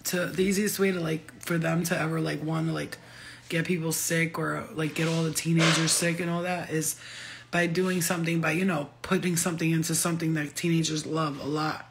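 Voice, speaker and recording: Brief: middle-aged woman, gravelly voice, loose slangy vlog talk with frequent laughs. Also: deep voice, a little fast, a little hiss or hum. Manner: laughing, slangy, animated rambling. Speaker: vlogger. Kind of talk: casual storytelling monologue.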